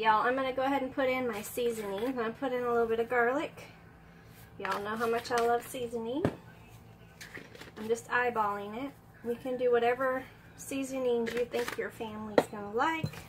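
A woman's voice: on the high side, steady tone, moderate pace, pauses often, noisy background. A woman chatting folksily through a cooking demonstration in her home kitchen, sniffling a little from allergies. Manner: chatty, folksy, keeps saying "y'all".

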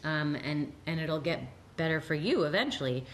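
A woman's voice: low voice, moderate pace, slight background noise. A woman therapist reading out audience questions and answering them in an earnest, reassuring way, sometimes acting out quotes. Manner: earnest, reassuring, lively when quoting others. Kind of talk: live Q&A talk.

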